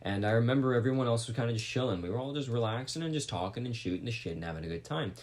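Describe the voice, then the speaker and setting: A man's voice: mid-range voice, racing. A young man casually retelling a story on a podcast, rambling and swearing freely. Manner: rambling, profane, animated retelling. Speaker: podcast co-host telling a story.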